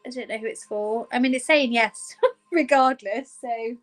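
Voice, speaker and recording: A British woman chatting and teasing while hosting a live crystal sale, slowing down to read out items. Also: a little high, faint music behind. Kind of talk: casual live-stream sales chat.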